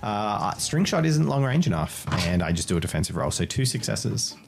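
Animated man running a tabletop game. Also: on the low side, moderate pace, creaky, faint music behind. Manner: animated, laughs while narrating. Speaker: game master.

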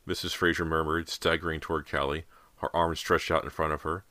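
A man reading a horror audiobook in a measured, suspenseful narration. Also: extremely low pitch, little pitch movement, pushed and bright, no room sound.

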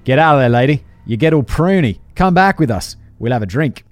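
A man voicing a brash, blunt woman friend in a loud, scoffing, put-on Australian accent that is poorly done. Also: mid-range voice, expressive, brisk, no room sound, natural voice. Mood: teasing.

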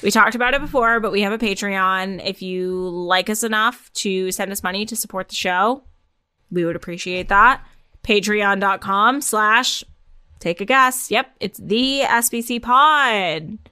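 A woman co-hosting a casual podcast, with a dry, deadpan humor. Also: medium pitch, measured pace, clear, resonant tone, dry recording. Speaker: podcast co-host.

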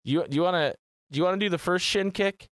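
A man's voice: high-pitched, fast, a bit bright, no echo, studio quality. A man co-hosting a gaming podcast in casual chat, rambling and swearing freely. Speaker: podcast co-host.

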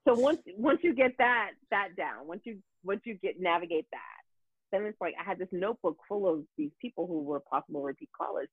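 A woman's voice: on the low side, a little fast, breathy edge, dry recording. A woman tells a story in loose, casual talk. Her voice swings widely, and she swears often and restarts her sentences. The sound is thin, dry and tinny, like a phone line. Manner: animated, profane, frequent fillers and restarts. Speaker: guest.

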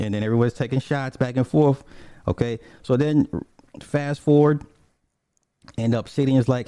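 A man giving a rambling, profane, casual commentary, slipping into quick voices when he quotes people. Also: mid-range voice, fairly even intonation, dark tone, dry recording. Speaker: commentator on online streamers.

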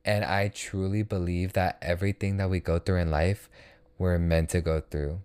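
A man's voice: sits low, level tone, normal speed, a little mellow, clean tone. A young man hosting a motivational solo podcast, talking in an earnest, reassuring way and repeating phrases for comfort. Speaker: podcast host.

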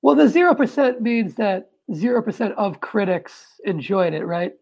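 A man's voice: high-pitched, lively intonation, normal speed, gravelly, a little mellow, lo-fi sound. A man speaking as a guest in a casual film chat, dry and understated, chuckling now and then.

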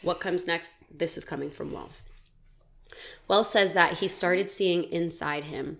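A woman hosting a podcast, telling a true crime story in casual chat, animated, laughing often and swearing freely. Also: fairly low pitch, unhurried, gravelly.

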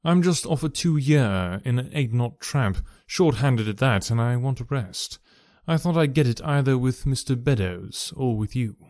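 A man voicing a wizened, crafty old sailor with a sly, slow seaman's drawl in a storybook reading. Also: medium pitch, animated, darkish tone, no room sound, studio quality, close to an everyday voice. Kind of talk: audiobook character voice.

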